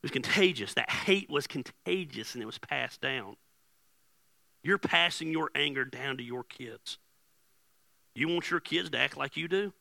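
A man preaching a casual, joking sermon as pastor, swinging from hushed asides to loud bursts. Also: mid-range voice, moderate pace, vocal fry, no room sound.

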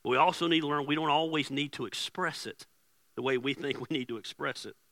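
A man preaching a casual, joking sermon as pastor, swinging from hushed asides to loud bursts. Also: a little high, quick pace, no echo.

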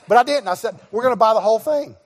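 A middle-aged man preaches in a fairly high voice, acting out conversations as he tells a story. He now and then breaks into shouts. His voice rings with the long reverb of a large church hall. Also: racing. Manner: animated storyteller, acts out dialogue, bursts into shouts. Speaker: guest pastor. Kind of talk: sermon storytelling. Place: church sanctuary.

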